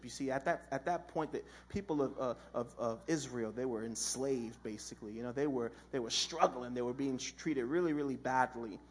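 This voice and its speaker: A man's voice: mid-range voice, normal speed, few pauses, a little hiss or hum. A man giving a casual, humorous sermon as a preacher, telling a story with slang and acted-out voices.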